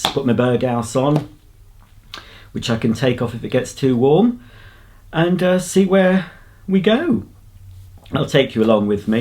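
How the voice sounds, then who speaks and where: A man's voice: on the low side, dark tone. An English man vlogging in a casual chat, rambling along as he tells a story. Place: outdoors on a countryside path.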